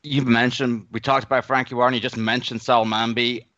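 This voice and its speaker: Mid-pitched male co-host. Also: little pitch movement, fairly quick, fairly bright tone, no echo, muffled recording. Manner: conversational, frequent murmured backchannel. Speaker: co-host, interviewer. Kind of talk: interview questions.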